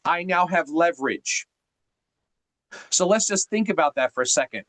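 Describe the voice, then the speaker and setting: A man's voice: fairly high pitch, animated, moderate pace, fairly bright tone, dry recording. Emphatic coaching man, dry sound. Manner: emphatic, teacherly, uses rhetorical questions. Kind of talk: coaching on a group call.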